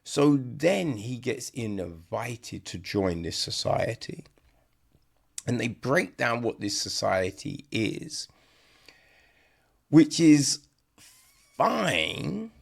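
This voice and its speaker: A man's voice: mid-range voice, creaky, husky. A man giving a blunt, profane, casual film review on a podcast, acting out lines as he goes.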